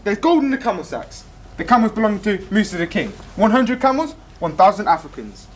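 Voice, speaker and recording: A woman's voice: medium pitch, very animated, a little fast, slight background noise, close to an everyday voice. A young actress playing a female gamer who answers in clipped single words and then tells a long rhythmic story. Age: young adult. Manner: clipped repeated replies, then flowing rhythmic telling. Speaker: student actor in a youth theatre play. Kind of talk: stage play performance.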